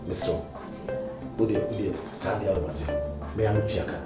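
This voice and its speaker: A man acting in a Ghanaian Twi-language movie, arguing in an animated way. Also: fairly low pitch, moderate pace, echoey room, far from the mic, loud music behind the voice, close to an everyday voice.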